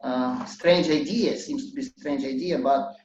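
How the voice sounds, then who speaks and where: A man whose first language is Russian, hosting a casual online English practice chat and often pausing to search for words. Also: mid-range voice, a little mellow, far from the mic, a little hiss or hum. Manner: hesitant, searching for words, many restarts. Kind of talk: casual group conversation. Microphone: video call. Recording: dull roomy video call audio.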